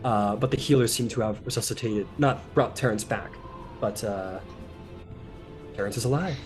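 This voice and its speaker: A man's voice: fairly low pitch, normal speed, over music. Man, game master, casual rambling narration, fillers.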